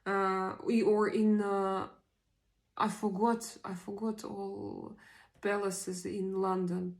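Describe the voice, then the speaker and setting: Slow, halting woman. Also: medium pitch, flat delivery, creaky. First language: Russian. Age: 40s. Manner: halting, searching for words with many pauses. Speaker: livestream host. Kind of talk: casual live chat reading viewer comments.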